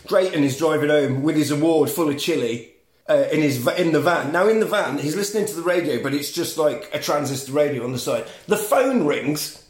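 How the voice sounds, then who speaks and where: Animated guy recapping a movie for laughs, sweary, echoey room. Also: a little high, brisk. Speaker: podcast co-host. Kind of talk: comedic film recap.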